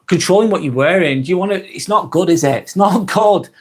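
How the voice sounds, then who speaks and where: A man's voice: high voice, animated, a little fast, slight background noise. Blunt Northern English man, live vlog. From England. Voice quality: blunt, swears freely. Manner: chatty, repeats points, thanks viewers. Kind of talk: casual live-stream talk.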